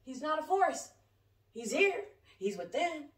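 Preaching to camera from inside her home, a woman in her forties who calls herself a prophet speaks slowly in a high voice with big pitch swings. She's impassioned and rambling, colloquial, moving from shouts to quiet asides. The camera sits at a distance, so she sounds far off in an echoey room.

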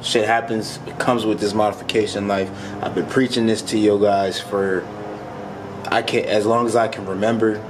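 A man's voice: fairly low pitch, level tone, normal speed, background noise. Frustrated man vlogging a car mod. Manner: frustrated, exasperated, laughing it off. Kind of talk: casual vlog.

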